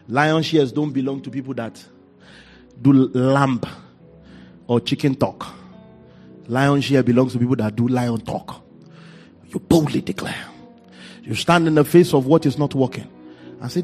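A male pastor preaching a sermon, swinging from quiet storytelling to shouted declarations. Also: mid-range voice, measured pace, long pauses, soft background music.

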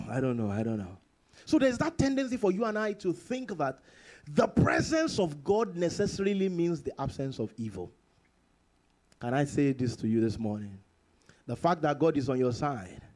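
A man preaching a sermon with a high voice that leaps all over the place. He reads scripture slowly and emphatically, then swings from loud exclamations to hushed, drawn-out lines, as a pastor does in church. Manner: slow, emphatic scripture reading.

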